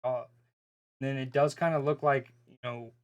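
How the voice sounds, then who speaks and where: A male streamer chatting casually through a football watchalong, his voice sitting in an ordinary middle pitch. He rambles and cuts himself off mid-thought, sounding bemused as he talks to his viewers. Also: fairly even intonation, normal speed. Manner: rambling, self-interrupting, bemused. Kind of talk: casual live-stream chat.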